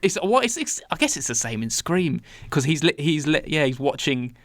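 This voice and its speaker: Expressive British man, dry close sound. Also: on the high side, no room sound. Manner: agreeable, quick to laugh, expressive. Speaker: podcast co-host. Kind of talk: casual film review chat.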